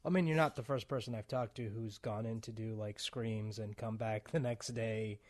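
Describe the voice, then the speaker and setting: A man's voice: lowish voice, steady tone, normal speed, crowd noise. A man hosting a casual interview, asking questions in a friendly, conversational way. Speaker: interview host.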